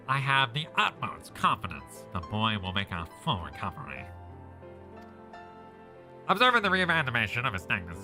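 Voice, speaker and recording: A man voicing a calm, scholarly, witch-like mage in a measured, formal way. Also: mid-range voice.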